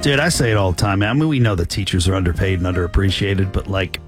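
A man's voice: low-pitched, fast, faint music behind. A man co-hosting morning radio, goofy and self-mocking, on a studio mic. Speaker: radio host.

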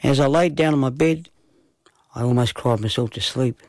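Male storyteller, unhurried, fry in the voice, mid pitch. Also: dry recording. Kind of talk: children's story narration.

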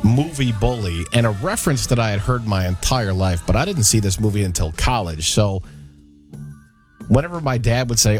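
A man in relaxed conversation, working through a countdown list with lively swings in his pitch. He acts out little quotes as he goes, and a faint music bed plays under him. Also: fairly quick. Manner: animated storyteller, acts out quotes. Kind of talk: casual chat, countdown list.

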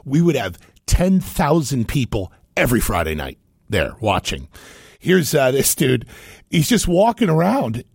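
A man's voice: medium pitch, measured pace, vocal fry, slightly rough, no room sound, studio quality. A man from Cincinnati hosting a show, chatting casually and with animation about video clips. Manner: animated, chatty, laughs often. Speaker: host.

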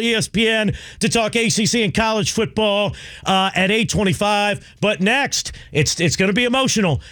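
A man's voice: high voice, a bit bright. A man co-hosting a sports radio show, rambling and joking about sports.

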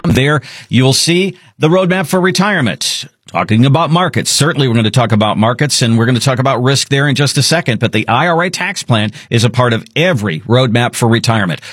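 A man's voice: mid-range voice, no room sound, studio quality. A man hosting a financial radio show with an upbeat, salesy delivery. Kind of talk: talk radio with promotional read.

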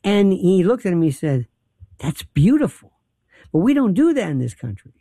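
Gravelly, animated talk radio host. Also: male voice, high-pitched, normal speed, no room sound, studio quality. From New York. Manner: animated storytelling, acts out quoted people. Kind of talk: opinionated talk radio monologue.

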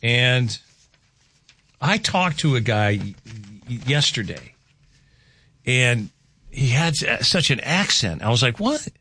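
A man's voice: mid-range voice, very animated, takes it slowly, pauses often, pushed and bright, breathy edge, dry recording. A man hosting a radio show, chatting casually and rambling with asides and restarts. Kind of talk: casual morning radio chat. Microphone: studio microphone.

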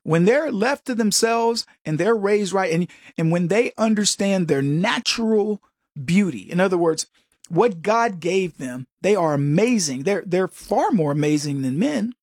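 A man's voice: sits high, animated, unhurried, darkish tone, dry recording, clean studio sound. A man hosting an opinion commentary, talking straight to viewers in an emphatic way and often repeating words. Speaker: commentary host.

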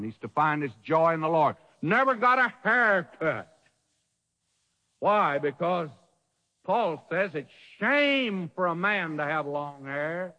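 Emphatic preacher man, lively high voice. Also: in a large hall, dull audio. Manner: emphatic, rhetorical questions, dramatic pauses. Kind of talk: sermon.

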